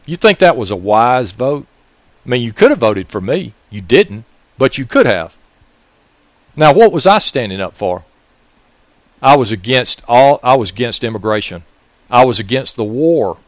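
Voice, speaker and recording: A man's voice: medium pitch, big pitch swings, moderate pace, long pauses, dry recording. A man with a Mississippi Southern accent, delivering an angry political monologue. He raises his voice, uses profanity and keeps scolding listeners with repeated questions. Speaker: political commentator.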